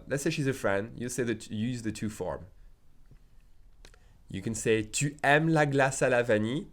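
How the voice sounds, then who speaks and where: Teaching man, low voice. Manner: explains slowly, repeats French example sentences, asks "okay?" and "d'accord?". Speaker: French teacher. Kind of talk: casual video lesson.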